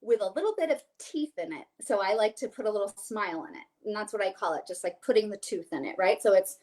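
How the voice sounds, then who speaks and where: A woman's voice: medium pitch, lively intonation, fast talker, darkish tone. A woman, a soprano, giving a vocal coaching session over a video call. She explains each exercise and then sings it, with a light, joking touch.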